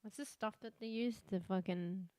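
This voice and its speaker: A woman's voice: mid-range voice, normal speed, warm tone, clean tone, no room sound, studio quality. A woman streaming a horror game, chatting casually with lots of swearing, laughing as she talks. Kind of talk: casual live-stream commentary.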